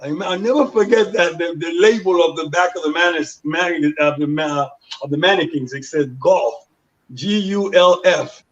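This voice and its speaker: The speaker is a man in his sixties from Panama, a guest in an interview recounting his life and voicing the people who appear in his tale. His pitch is fairly high and his speed normal, heard through a dull, lo-fi recording.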